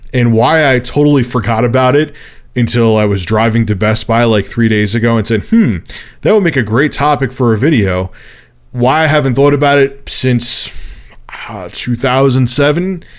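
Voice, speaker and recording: Profane, animated male storyteller. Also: medium pitch. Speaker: vlogger. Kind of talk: casual storytelling to camera.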